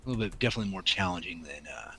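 A man from the Pacific Northwest talks casually on a podcast, his voice lowish and bright with a forward edge. He rambles and restarts, with a faint noise under the recording. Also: lively intonation, rapid-fire, low-quality recording. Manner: rambling, full of ums and restarts. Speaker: podcast co-host. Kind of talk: casual chat.

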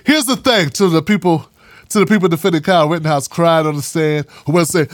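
A man's voice: fairly high pitch, fast talker, no room sound. A man hosting a casual commentary monologue, talking in a sarcastic, mocking, slangy way. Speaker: political commentary host.

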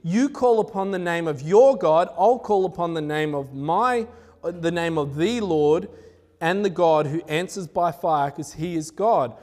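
A man preaching a sermon, retelling scripture in a lively, conversational way with chatty asides. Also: fairly high pitch, measured pace. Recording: echoey hall.

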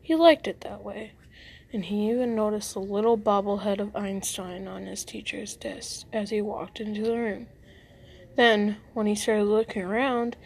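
A woman reading a children's story aloud in a steady, plain voice. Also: mid-range voice, vocal fry.

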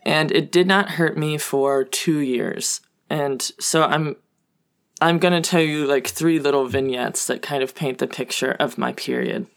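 A woman's voice: low-pitched, unhurried, creaky. A young woman telling comic personal stories in a casual, self-deprecating way, full of fillers. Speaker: guest storyteller.

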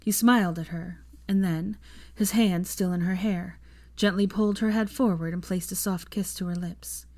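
A woman reading fan fiction aloud in a soft, intimate narrating voice. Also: lowish voice, steady tone, normal speed, hardly any pauses. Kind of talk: audiobook narration.

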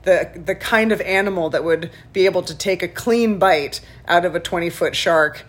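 A woman's voice: fairly low pitch, normal speed. A woman in casual chat, telling a rambling story full of restarts and "like".

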